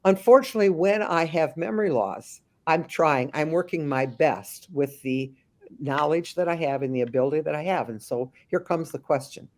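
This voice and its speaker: A woman working as a memory care consultant, answering interview questions with lively acted-out anecdotes and frequent restarts. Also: sits low, moderate pace. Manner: animated storyteller, slips into voices of the people she describes; frequent restarts and thinking aloud.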